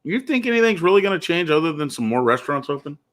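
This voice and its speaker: Man, blunt ranting host, lively up-and-down pitch, bright edge. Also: fast. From California. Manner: blunt, ranting, says "dude" a lot. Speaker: podcast host. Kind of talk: casual opinion talk.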